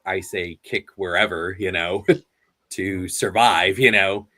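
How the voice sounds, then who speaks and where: A man's voice: low voice, fairly even intonation, pushed and bright, no echo, clean studio sound. A man hosting a casual chat who laughs often and slips into cartoon voice impressions. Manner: giggly, slow-talking, does many silly voices. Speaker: host.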